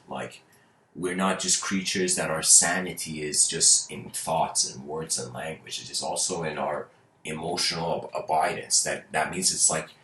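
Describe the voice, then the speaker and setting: His voice is a sharp-toned, rumbling low, and the space around it is reverberant. A man whose first language is Persian chats casually with viewers, wandering through fables with lots of laughter and restarted words.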